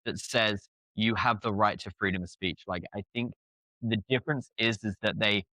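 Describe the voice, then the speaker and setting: A man's voice: lowish voice, steady tone, normal speed, bright, forceful tone, no room sound. Blunt British man, chatty guest. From Britain. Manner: blunt, chatty, frequent filler words and laughs. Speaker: podcast guest. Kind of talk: casual conversational interview.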